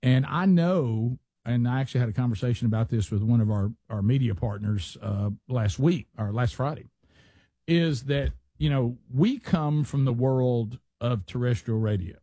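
Man, middle-aged, radio host, chatty banter, husky, dry. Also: mid-range voice, normal speed, warm tone, no echo. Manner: chatty, mimics lazy podcast talk. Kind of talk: casual talk show banter.

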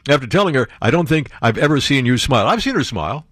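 A man's voice: fairly high pitch, very animated, fast, fairly bright tone, no echo, clean studio sound. A man hosting a commentary show, reading news stories aloud and breaking in with sarcastic asides and jokes.

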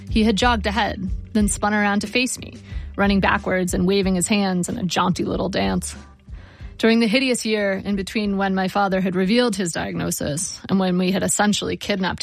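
A woman reading her memoir aloud in a wry, measured storytelling manner. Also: mid-range voice, gravelly. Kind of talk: memoir audiobook narration. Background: guitar music.

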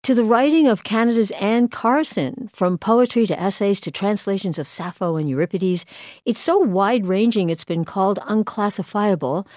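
A woman's voice: medium pitch, normal speed, darkish tone, no room sound. A woman hosting a radio interview, asking curious questions with light laughs. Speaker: radio news host. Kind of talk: broadcast interview.

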